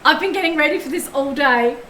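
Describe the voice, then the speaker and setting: A woman with a bright, high voice reads tarot on a live stream and chats effusively with her viewers. Her voice rings around an echoey room, and a faint ambient hum sits underneath. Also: fast talker. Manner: effusive, chatty, thanks viewers often.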